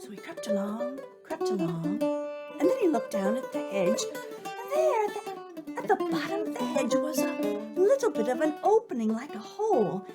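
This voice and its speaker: A woman co-hosting a show and telling folktales with a playful, drawn-out delivery. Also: high-pitched, sing-song. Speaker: storyteller and co-host. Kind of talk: folktale storytelling with banter. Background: guitar music.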